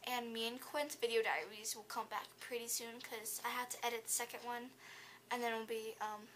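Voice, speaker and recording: Hoarse teen girl, whispery and bright. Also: on the high side, slight background noise, poor audio. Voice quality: drops to a whisper often. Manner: chatty, rambling, lots of fillers. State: losing her voice, hoarse. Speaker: vlogger. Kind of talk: casual vlog chat. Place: at home, indoors.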